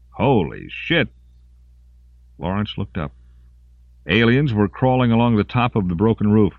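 Deep-voiced man narrating an audiobook. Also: no room sound, phone-quality sound. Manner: dramatic storytelling reading. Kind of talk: scripted narration.

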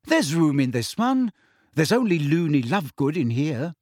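A man reading a story aloud, voicing a bold teenage girl who speaks briskly and sharply. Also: a little high, very animated, no echo, studio quality. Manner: brisk, matter-of-fact, sharp.

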